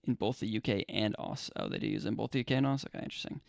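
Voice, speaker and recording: A man's voice: fairly low pitch, very fast, vocal fry, dry recording, clean studio sound. A young American man chatting casually with viewers on his live stream, laid-back and rambling, with lots of fillers and restarts. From United States. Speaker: livestreamer.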